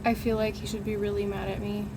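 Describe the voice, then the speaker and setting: A woman's voice: medium pitch, flat delivery, quick pace. A woman vlogging casually at home in her kitchen, chatty and cooing at her dogs. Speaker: vlogger, animal rescuer. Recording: noisy home recording.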